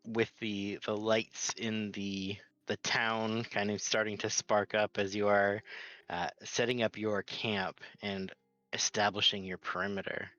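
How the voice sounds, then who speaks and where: A man runs a tabletop game, narrating slowly in a middle-pitched voice. His delivery halts and restarts as he describes the scene. The sound is a little dull and dry, with faint music underneath. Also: little pitch movement, sharp tone, no room sound. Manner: slow, halting narration with frequent laughter. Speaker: game master.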